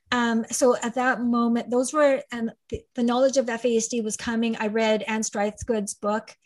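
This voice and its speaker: Speaking a little high with a flat delivery, this middle-aged guest barely pauses as she moves along at a moderate clip. A parent advocate and trainer, she rambles emphatically through her story in a conversational interview, recorded without echo.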